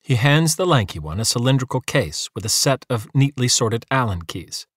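A man reading narration for an audiobook in a measured storytelling manner. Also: mid-range voice, very animated, no echo, clean studio sound. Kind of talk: scripted narration.

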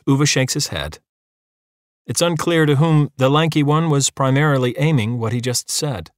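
Male narrator, mid-pitched, measured storytelling, dead-dry close mic. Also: no echo. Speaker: audiobook narrator. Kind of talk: scripted narration.

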